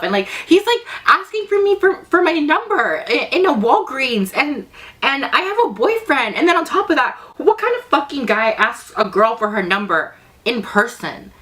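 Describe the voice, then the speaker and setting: A woman's voice: sits high, sing-song, moderate pace, a bit bright. A young woman telling a dramatic story in a casual vlog, sassy and heavily profane. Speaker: vlogger.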